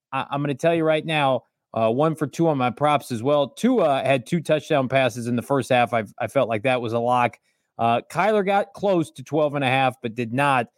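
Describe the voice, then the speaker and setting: A man's voice: medium pitch, no echo, clean studio sound. A man co-hosting a sports betting show, recapping his picks in a joking, self-deprecating way. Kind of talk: casual sports betting chat.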